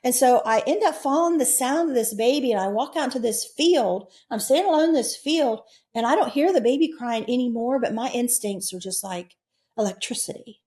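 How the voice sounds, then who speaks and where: A woman in her sixties, a guest in an interview, earnestly recounting her own near-death experiences, breaking into sudden high, loud bursts. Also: expressive, brisk.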